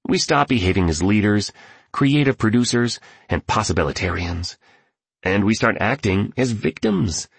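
An earnest, emphatic female entrepreneur, read by a man in his own voice. The voice is deep and gravelly, with a husky grain. The sound is close and dry. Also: expressive, moderate pace, no room sound, full character voice.

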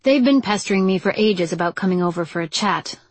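A woman reading a smooth, teasing young man. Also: medium pitch, animated, brisk, dry recording. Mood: smug.

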